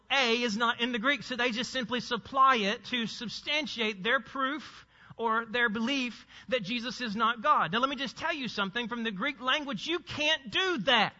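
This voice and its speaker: A high, very bright male pastor preaches in a church, his voice trailing off in a long hall reverb. He teaches emphatically, leaning hard on key words and then dropping into quiet asides. The sound is dull and muffled. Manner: emphatic teaching, swinging between loud stresses and low asides. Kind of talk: sermon. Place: church sanctuary.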